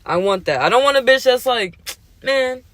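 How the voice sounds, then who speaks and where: A man's voice: very high-pitched, animated, fairly quick, fairly bright tone. A young man in his twenties hosting a podcast, talking in casual chat with slangy, profane language that gets heated. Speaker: podcast host.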